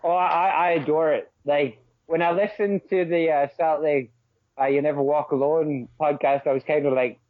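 A man's voice: fairly high pitch, dry recording. A man, talking brashly and swearing a lot in a casual podcast chat. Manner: brash, sweary, fast and animated. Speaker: podcast guest. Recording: tinny call line, dry.

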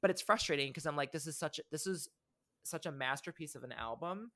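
A man's voice: a little high, a little fast, sharp tone. Rambling man co-hosting a pop podcast. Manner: rambling, restarts often, passionate fan opinions. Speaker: podcast co-host. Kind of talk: casual pop culture chat.

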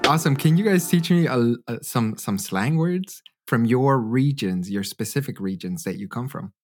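A man's voice: medium pitch, animated, moderate pace, a little mellow, soft background music. A man hosting a podcast, asking his guests curious follow-up questions. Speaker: podcast host. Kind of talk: interviewing.

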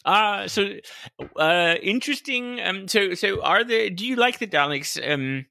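A man co-hosting a podcast in casual chat, animated and quick to laugh, acting out quotes in a high voice. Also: creaky, no room sound. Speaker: podcast co-host.

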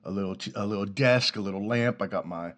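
He's a D.C.-area man in his thirties hosting a solo podcast from a home studio in his apartment, captured with a studio mic through a preamp. His voice is fairly low and fairly bright, and he talks fast. The rambling is casual, profane and easygoing, with frequent laughter.

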